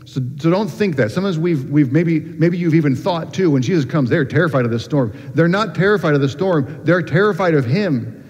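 A man preaching a sermon in a relaxed, conversational way, with frequent ums and restarts. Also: a little high, brisk, few pauses. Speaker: pastor. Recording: dull sound with long reverb in a hall.

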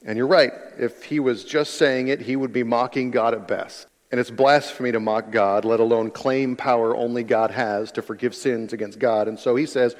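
A man's voice: mid-range voice, steady tone, moderate pace, few pauses. A man preaching a sermon in an earnest way, repeating key phrases for emphasis. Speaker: pastor. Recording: long hall reverb.

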